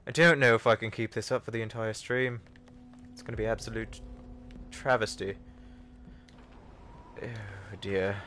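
A man's voice: fairly low pitch, steady tone, normal speed, pauses often, pushed and bright, a little hiss or hum. A man voicing a prim, fussy male butler in a put-on British accent, with posh, formal, apologetic phrasing. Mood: flustered prim.

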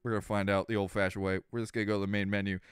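A man streaming a game, chatting casually, excitable and swearing, jumping into shouts and tangents. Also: on the low side, very fast, clean tone, no room sound, clean studio sound. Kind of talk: let's play commentary.

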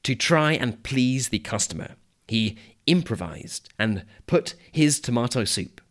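A British man hosting an educational podcast, reading a scripted story in a clear, measured way for learners. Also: mid-range voice, lively intonation, a bit bright. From Britain. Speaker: podcast host.

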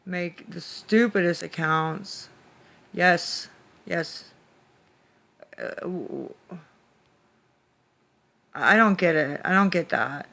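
High slow-talking guy on a late stream, cranky, snapping at chat over and over. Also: creaky, pushed and bright. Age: adult parent. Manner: irritable, snapping back at commenters; mutters and repeats himself. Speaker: livestreamer reading chat.

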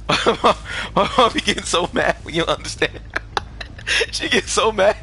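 A man's voice: sits high, expressive, slow pace, creaky, pushed and bright, slight background noise. A young man giving casual, jokey commentary while streaming a video game, laughing often and trash-talking the game. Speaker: gaming streamer.

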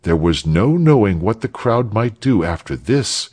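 A man reading a story aloud for English learners in a measured, expressive way. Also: fairly low pitch, slightly rough. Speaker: narrator.

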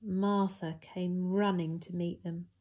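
Brief: woman storyteller for kids, low-pitched, slow, expressive delivery. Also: highs cut off. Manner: expressive, big leaps in pitch and loudness for emphasis. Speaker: children's church storyteller. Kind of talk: reading a Bible story to children.

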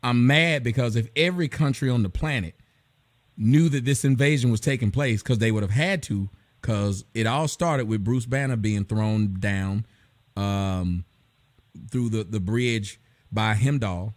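A man's voice: on the low side, a little slow, no room sound. A middle-aged man hosting a casual live stream, ranting bluntly and profanely about movies. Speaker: host.

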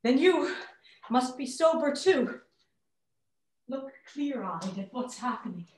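Young woman voicing a lovesick writer, earnest and imploring, fairly high voice, set back from the mic in an echoey room. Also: expressive, slow, darkish tone. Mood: pleading. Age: young adult. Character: lovesick pleading writer, the actress's lover. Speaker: student actor. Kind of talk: stage drama over video call. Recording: distant echoey room over video call.

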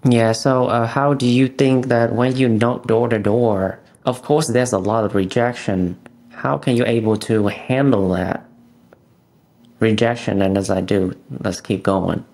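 A man's voice: mid-range voice, fairly even intonation, a little slow, darkish tone. A man hosting an interview, often murmuring agreement, speaking with non-native phrasing. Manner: frequent "mm-hmm" backchannels, non-native phrasing. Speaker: interview host. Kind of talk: casual conversational interview.

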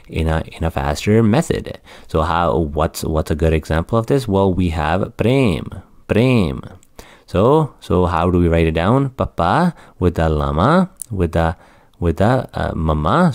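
A man's voice: low-pitched, darkish tone, dry recording, studio quality. A man teaching the Punjabi script in an online lesson, explaining patiently and repeating words as he goes. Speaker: language tutor.

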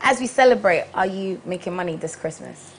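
A woman's voice: on the low side, animated, brisk, breathy edge. A woman co-hosting a studio talk show, chatty and playful, joking and laughing with her guest. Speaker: co-host.

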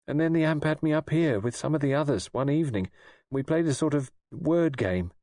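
A man's voice: mid-range voice, creaky, no room sound, clean studio sound, pitched above the performer's own voice. A man voicing a shy, distressed young woman who speaks hesitantly, in an audiobook reading. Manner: soft, hesitant, faltering. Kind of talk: audiobook dialogue.

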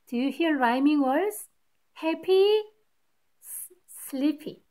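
A woman's voice: sits high, expressive, takes it slowly, pauses often, a little mellow. A woman teacher reading a picture book aloud to children, patiently stopping to point out the rhyming words. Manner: patient, explains each rhyme to kids.

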